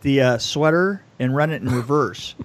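A man co-hosting a casual podcast, telling stories in an animated, jokey way. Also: medium pitch, moderate pace. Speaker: podcast co-host, film effects veteran.

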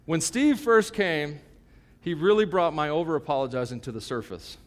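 Joking pastor preaching in an echoing hall. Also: male voice, fairly high pitch, animated, normal speed. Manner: conversational, joking, emphatic preaching. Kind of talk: sermon. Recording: long hall reverb.

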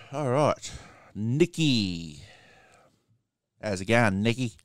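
A man's voice: medium pitch, very animated, very slow, no room sound, studio quality. An Australian man hosting a live stream, chatting casually with callers and swearing freely.

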